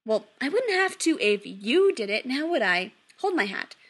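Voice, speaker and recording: A woman's voice: a little high, very animated, moderate pace, fairly bright tone, slightly rough, heavily acted. A woman voicing a bubbly, doting middle-aged witch mother who chatters sweetly. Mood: chattering.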